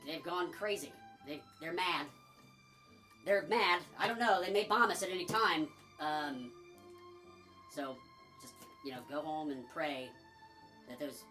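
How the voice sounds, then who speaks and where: A man voicing a weary male head of state who grumbles about Americans in a low, fading mumble. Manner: mumbling, sinking ever lower and quieter.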